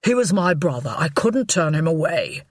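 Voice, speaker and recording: A woman's voice: sits low, big pitch swings, normal speed, no echo, studio quality. A woman reading an audiobook, voicing a middle-aged husband who talks doggedly and a little defensively. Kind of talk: audiobook character voice.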